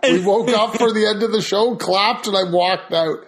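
A man's voice: sits high, normal speed, fairly bright tone. A man hosting a casual chat, blunt and teasing, telling stories in a dry way.

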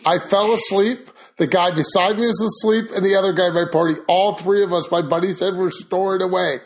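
Male podcast host, high-pitched, dry and teasing storyteller. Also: steady tone, brisk. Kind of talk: casual chat.

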